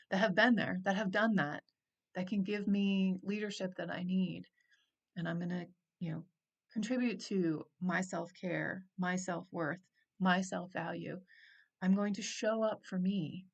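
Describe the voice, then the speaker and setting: A woman's voice: mid-range voice, gravelly. Heartfelt rambling woman wellness coach. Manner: heartfelt, rambling, many fillers. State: emotional, near tears at times. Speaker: wellness coach and channel host. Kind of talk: casual reflective monologue.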